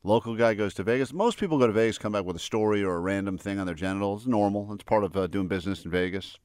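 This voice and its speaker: A man's voice: lowish voice, fast talker, no room sound, studio quality. A man hosting a talk show, telling stories in casual banter and laughing often. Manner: animated storytelling, laughs often. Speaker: radio show host.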